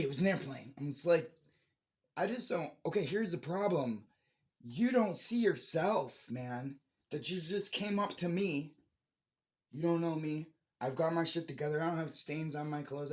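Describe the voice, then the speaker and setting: A man vlogging in a rambling monologue, frustrated and ranting with restarts and swearing. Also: fairly high pitch.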